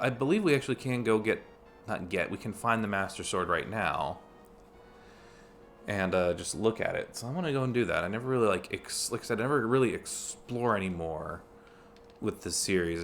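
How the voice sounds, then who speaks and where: Gravelly low-voiced man streaming a game. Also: lively intonation, a little fast, a bit bright, soft background music. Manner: chatty, thinks aloud with fillers and restarts. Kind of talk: casual let's-play commentary.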